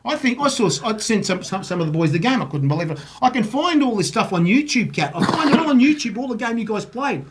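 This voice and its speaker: Excitable high-pitched man. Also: fast talker, hardly any pauses, slight background noise. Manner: excitable, laughs often, says "mate" constantly. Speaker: host. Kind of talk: casual chat on a live stream.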